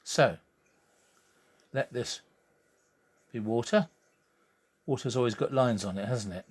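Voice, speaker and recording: A man's voice: mid-range voice, slow pace. A man gives a lighthearted science lesson, cracking puns as he explains things step by step. His voice sits in a middle range and carries a noticeable room echo. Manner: jokey, punning, explaining while drawing. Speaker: science teacher. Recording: roomy echo.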